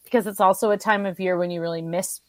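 A woman's voice: lowish voice, steady tone, fast talker, no echo. A woman co-hosting a show in casual chat, sympathetic and chatty with fillers.

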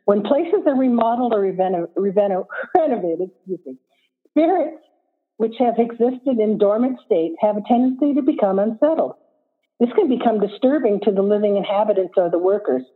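A woman's voice: medium pitch, expressive, fairly quick, breathy edge. A woman reading aloud as a young, sincere psychic woman with a lilting, pleasant manner, over a tinny phone-like line. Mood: earnest. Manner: lilting, pleasant, a bit indignant.

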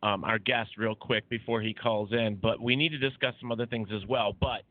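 A man's voice: on the low side, steady tone, brisk, phone-quality sound. A man hosting a paranormal talk radio show, joking and stumbling over his words. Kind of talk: casual chat.

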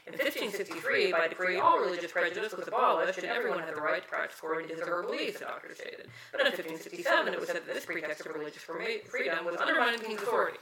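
A woman's voice: lowish voice, animated, racing, hardly any pauses, sharp tone, heavy reverb, far from the mic, low-quality recording. A woman co-hosting a podcast in casual chat, telling stories with frequent laughter. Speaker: podcast co-host.

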